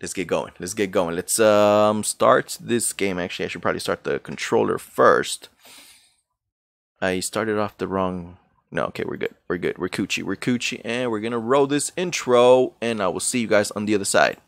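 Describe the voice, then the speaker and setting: A man with a low voice riffs casually while he plays, cursing freely and calling out viewers by name. His voice is dry and close on the microphone, with a relaxed, rambling flow. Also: moderate pace, gravelly, no room sound. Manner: loose, profane, greets viewers by name. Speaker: streamer. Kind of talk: casual chat while gaming.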